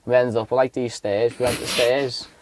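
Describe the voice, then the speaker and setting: A man's voice: mid-range voice, brisk, background noise. Swearing man telling a story. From Southport, Liverpool area. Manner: animated storyteller, swears a lot, acts out others' voices. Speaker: podcast co-host. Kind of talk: casual chat, anecdote.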